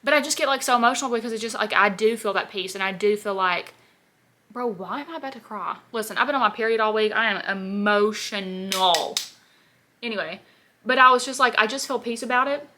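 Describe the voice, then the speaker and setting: Fairly high-pitched, quick, bright, and forceful, this woman's voice carries slight background noise. In her twenties, the beauty vlogger rambles through a casual get-ready-with-me chat, leaning heavily on "like" as filler.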